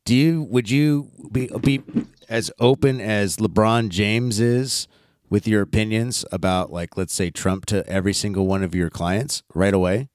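A man's voice: fairly low pitch, unhurried, darkish tone, dry recording, studio quality. A man in casual podcast chat, teasing and cutting in with profane remarks.

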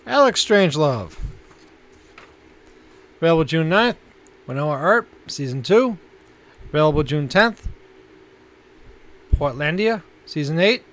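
Lively, slightly high-voiced man co-host. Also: unhurried, long pauses. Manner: laid-back, chuckles often. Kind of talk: casual chat, reading a release list.

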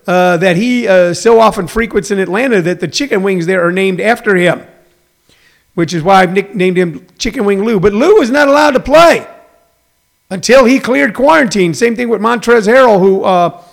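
A man's voice: high-pitched, creaky. A middle-aged man hosting a talk show, delivering a chatty, rambling monologue full of folksy asides.

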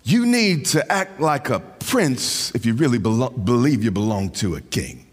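A man preaching a sermon in a chanting, sing-song cadence that swells into shouts. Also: mid-range voice, very animated, moderate pace, breathy edge, big-room sound.

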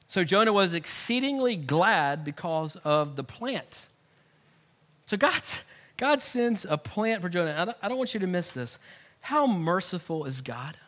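A male pastor preaching an animated sermon, swinging from loud emphasis to hushed asides. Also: high voice, a little slow.

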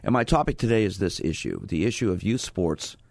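A male sports psychologist hosts a call-in radio show from the studio, his voice very low and gravelly. He talks in a steady, conversational way, and the sound is close and dry with no room around it. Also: brisk, no room sound.

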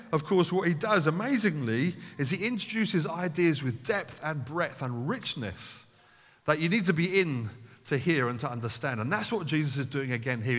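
A man's voice: high voice, bright, forceful tone, big-room sound. A man preaching a sermon to his church, earnest and building to emphatic calls. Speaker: pastor. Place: church hall.

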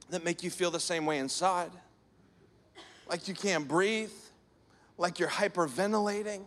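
A man in his thirties or forties preaching to his congregation in a chatty, conversational way, slipping into playful imitations as he tells stories. His voice sits high for a man. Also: a bit bright. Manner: conversational preaching with acted-out anecdotes. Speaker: pastor. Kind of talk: sermon.

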